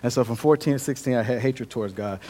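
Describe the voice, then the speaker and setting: Young guy preaching, telling his own story, earnest, gets loud then goes quiet. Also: medium pitch, fast talker. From Milwaukee, Wisconsin. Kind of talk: sermon with personal testimony.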